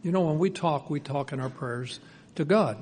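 Male preacher, slightly high voice, earnest, moves between hushed and emphatic delivery. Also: moderate pace, slight background noise. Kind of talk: sermon.

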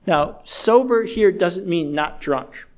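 Earnest man preaching a measured sermon. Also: high voice, expressive. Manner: measured, earnest, slows down for emphasis.

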